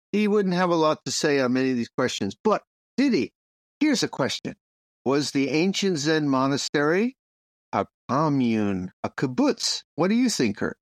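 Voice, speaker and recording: Animated New man hosting a podcast. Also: fairly high pitch, no room sound, clean studio sound. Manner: animated, jokey storyteller. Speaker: podcast host and Zen teacher. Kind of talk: casual podcast discussion.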